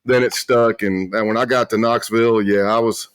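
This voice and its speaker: A middle-aged man, a retired federal agent from South Carolina, telling stories in a loud, brash, boisterous way in a casual interview. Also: lowish voice, steady tone, moderate pace, smooth, dry recording. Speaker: guest, retired FBI agent.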